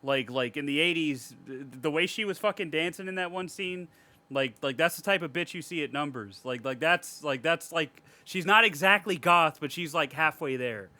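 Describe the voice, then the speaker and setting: Male podcast co-host, fairly high and bright, loose profane rambler. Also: normal speed. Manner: profane, rambling, laughs often. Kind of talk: casual horror movie chat.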